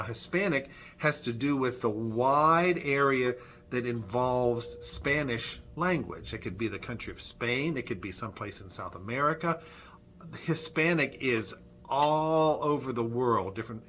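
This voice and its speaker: A man's voice: medium pitch, lively intonation, unhurried, a bit bright. A man leading a children's Sunday school music lesson at church, friendly and patient, clapping and chanting rhythms.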